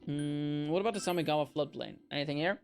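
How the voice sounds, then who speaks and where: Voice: medium pitch, fast talker, creaky. A streamer chatting casually and jokingly while playing, reading the game's dialogue aloud in voices. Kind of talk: casual live gameplay chat. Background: faint game music.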